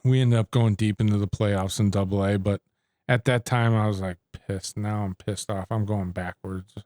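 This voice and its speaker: A middle-aged man, a former baseball pitcher, telling stories casually in an interview and acting out quoted exchanges. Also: normal speed, dry recording, studio quality. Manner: animated storyteller who acts out quoted exchanges.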